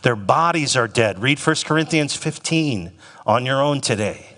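A man's voice: medium pitch, animated, fairly bright tone. Emphatic male pastor in a reverberant hall. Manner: emphatic, slows down to stress scripture phrases. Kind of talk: sermon.

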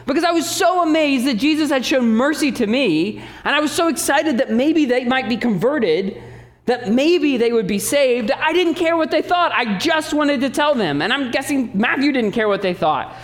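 A male pastor preaching a sermon, emphatic and animated, breaking off into teaching asides. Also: extremely high pitch, moderate pace.

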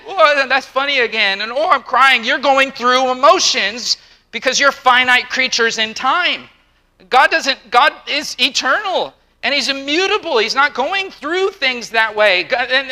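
A middle-aged man preaching a sermon, emphatic and repeating himself, with quick acted-out asides. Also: very high voice, bright, forceful tone, low-quality recording. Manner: emphatic, repeats words, acts out quotes. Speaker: pastor.

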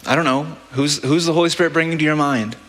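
Bright-voiced pastor preaching in a reverberant hall. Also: male voice, fairly high pitch, steady tone, fast. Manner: conversational, practical, with frequent "right?" asides. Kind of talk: sermon. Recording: long church-hall reverb.

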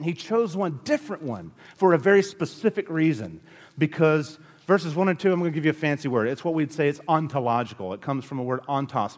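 A man preaching a sermon as pastor, emphatic, with sharp rises and drops in his delivery. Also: a little high, long reverb tail.

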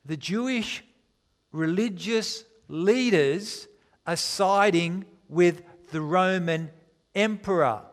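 A preacher delivers a dramatic sermon in a voice slightly higher than the typical man's, reading scripture aloud and slowing to drive his points home. A long reverb carries his words, as though in a large hall.

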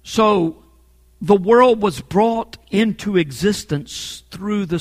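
Pastor guy preaching, emphatic, high voice, repeats himself when he gets going, big reverby church sound. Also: slow pace. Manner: emphatic, building to forceful peaks; repeats words when fired up. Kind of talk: sermon.

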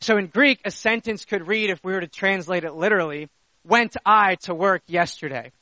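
A man's voice: sits high, normal speed, sharp tone, dry recording, low-quality recording. A man preaching a sermon, teaching step by step in an emphatic, explanatory way.

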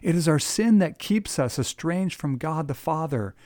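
A man giving a short devotional sermon in an earnest, emphatic way, slowing down on key words. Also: fairly high pitch, animated, a little mellow, no room sound, clean studio sound. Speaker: preacher.

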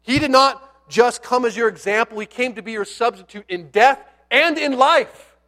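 Man, pastor, sermon, high voice, conversational storytelling, hushed key words. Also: normal speed. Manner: conversational, animated storytelling preacher with playful asides; drops to a near hush on key words.

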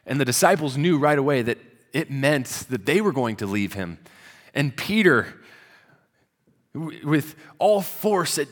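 A man's voice: animated, unhurried. Casual-talking male preacher in a big reverberant hall. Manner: conversational storytelling, drops to a soft low voice at solemn moments. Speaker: pastor. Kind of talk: sermon.

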